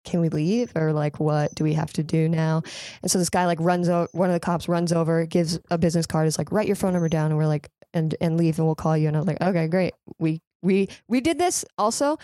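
Young woman guest, low-ish voice, rambling comic storyteller, dry close sound. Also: fairly quick, dry recording. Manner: lively, chatty, swears freely, heavy use of "like". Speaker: podcast guest. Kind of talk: casual comedic storytelling.

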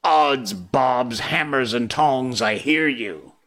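A man's voice: mid-range voice, slow, a bit bright. A man reading a storybook aloud, voicing a mischievous boy who mocks a pirate with a scornful, taunting voice.

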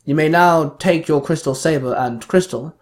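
A man reading aloud, voicing the Ultra Grid, an ancient power that speaks through a teammate's avatar in a slow, formal way. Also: on the high side, close to an everyday voice. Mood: measured.

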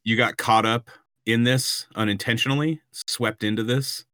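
A man's voice: medium pitch, fairly even intonation, moderate pace, bright, forceful tone, no echo, clean studio sound. A man narrating a tabletop role-playing game as game master, describing scenes with frequent hesitations.

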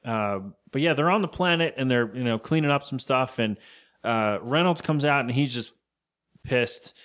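A man chatting casually on a podcast, recapping a movie scene by scene. His voice sits at an ordinary middle pitch, and he drops in quick quoted lines and the odd swear word. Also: a bit bright. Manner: loose and profane, retells scenes with quoted lines. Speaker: podcast co-host.

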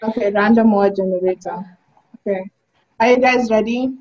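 A woman hosting a casual podcast chat, animated and playfully teasing her guests. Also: mid-range voice, normal speed. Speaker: podcast host. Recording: muffled lo-fi audio.

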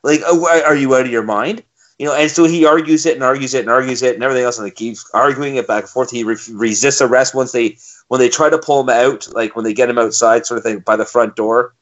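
A man co-hosts a casual podcast and tells a long, profane story with exasperated energy. His voice sits at a middle pitch and has a slightly dull, muffled sound. He talks loosely and laughs through his own stories. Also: quick pace. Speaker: podcast co-host.

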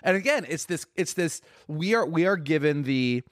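A man's voice: on the high side, lively intonation, moderate pace, over music. A man casually discussing a film on a podcast, enthusiastic and emphatic.

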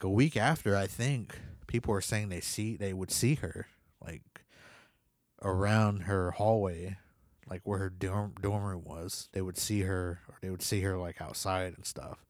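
A man's voice: lowish voice, no echo, clean studio sound. A young man casually telling a spooky personal story, rambling with lots of "like" and "you know.". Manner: swears in quoted reactions. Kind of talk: casual spoken ghost story.

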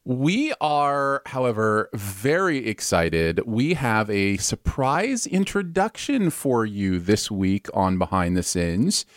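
A man co-hosting a casual chat show, jokey and quick to laugh. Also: on the low side, very animated, dry recording, studio quality. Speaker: podcast co-host.

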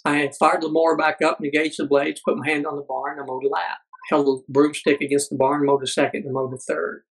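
A middle-aged man, a podcast guest, telling a personal story earnestly, halting with many fillers. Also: fairly high pitch, level tone, vocal fry, low-quality recording.

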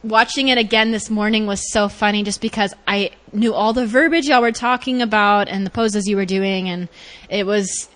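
A young woman hosting a podcast in a casual, bubbly chat, laughing often and swinging her pitch widely. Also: steady tone, moderate pace, a bit bright. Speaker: podcast host and life coach.

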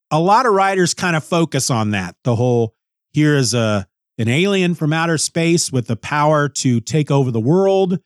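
A man's voice: a little high, no echo, studio quality. A man reviewing a comic book in a casual, rambling way, often restarting and musing aloud.

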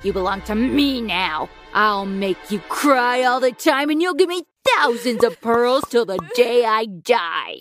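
A woman's voice: on the high side, animated, a little slow, few pauses, a bit bright. A woman voicing a menacing male car-thief boss who growls threats, in a narrated story with faint music. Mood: angry yelling.

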